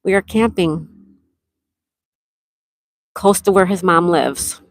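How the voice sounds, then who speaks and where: A woman from Western New York hosts a casual livestream from a campsite cabin, greeting viewers by name and reading their comments aloud as she talks. Her fairly low voice takes things slowly, and there's no room sound.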